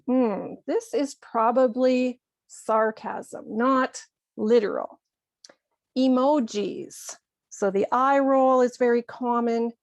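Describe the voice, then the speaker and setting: A woman teaching English to learners, explaining things slowly and carefully with acted examples. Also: on the high side, no echo. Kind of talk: slow, careful ESL lesson.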